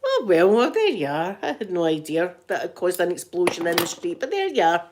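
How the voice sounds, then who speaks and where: A middle-aged Scottish woman and grandmother chatting in a casual ASMR vlog, animated and laughing often. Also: fairly low pitch, fairly quick. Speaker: vlogger and grandmother.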